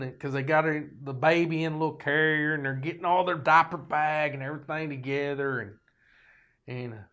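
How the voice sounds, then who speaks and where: Folksy older man, a bit high. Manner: folksy, profane, joking asides. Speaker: podcast host. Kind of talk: rambling storytelling monologue.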